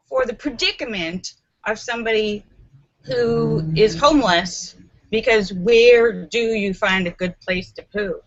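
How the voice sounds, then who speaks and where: A woman hosting a casual live stream from a room at home, animated and giggly as she reads viewer comments. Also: mid-range voice, measured pace. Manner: chatty and animated, giggles often. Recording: slightly muffled lo-fi.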